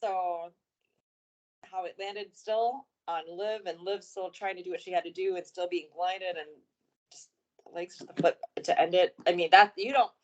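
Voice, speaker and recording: A woman's voice: fairly low pitch, steady tone, moderate pace, dull audio. A woman co-hosting a casual wrestling podcast, agreeing and chiming in with enthusiasm. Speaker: podcast co-host. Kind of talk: casual wrestling recap chat.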